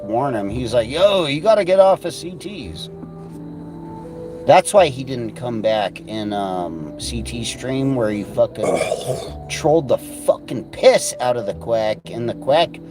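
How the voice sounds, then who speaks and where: A man's voice: mid-range voice, darkish tone. A man hosting a livestream, ranting in a rambling, profane, mocking way. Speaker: livestream host. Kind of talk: profane casual livestream rant. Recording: clear music playing behind.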